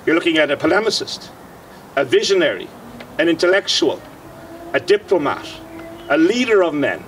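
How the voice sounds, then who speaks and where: A man's voice: fairly high pitch, very animated, moderate pace, distant mic, a little hiss or hum. A middle-aged Irish man, a historian, delivering a passionate commemorative address outdoors with emphatic lecturing and frequent fillers.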